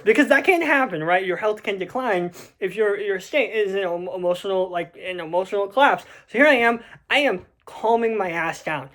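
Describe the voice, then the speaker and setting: A man's voice: high voice, moderate pace, few pauses, fairly bright tone. A young adult man casually telling a personal story to camera, rambling with many restarts and fillers.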